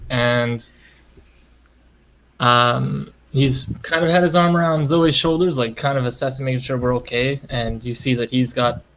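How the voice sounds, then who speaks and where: A man's voice: mid-range voice, steady tone, a little slow, a bit bright, rough recording. A man playing a tabletop game, chatting casually as he describes his character's actions. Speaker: player.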